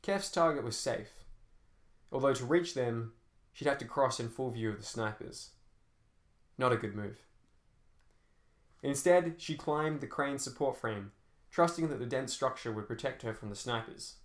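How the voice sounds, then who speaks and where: A man's voice: mid-range voice, unhurried. A man narrating an action novel as an audiobook, telling fight scenes dramatically with shifting pace. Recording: roomy echo.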